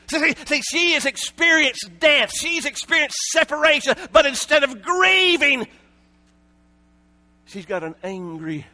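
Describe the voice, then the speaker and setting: High-voiced, bright, shouting preacher man. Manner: impassioned, often shouting, repeats words in bursts. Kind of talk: sermon.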